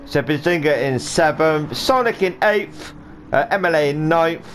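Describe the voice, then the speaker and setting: A man gives rambling, jokey live commentary on a sim race he is also driving in, doing silly voices for the drivers. His voice is a little high, a bit bright, and a little slow, with a faint hum of game sound behind him.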